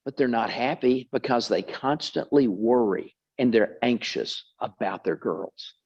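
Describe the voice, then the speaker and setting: Man preaching with animated storytelling. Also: medium pitch, unhurried, creaky, few pauses, breathy edge, lo-fi sound. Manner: animated storyteller, repeats words for emphasis. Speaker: Bible study teacher. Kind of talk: sermon storytelling.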